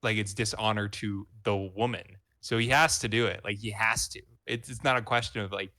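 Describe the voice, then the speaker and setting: A man's voice: on the low side, steady tone, normal speed, pushed and bright, dry recording, studio quality. A man co-hosting a book club podcast, explaining plot points with hesitant restarts. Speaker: podcast co-host. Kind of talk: casual book club chat.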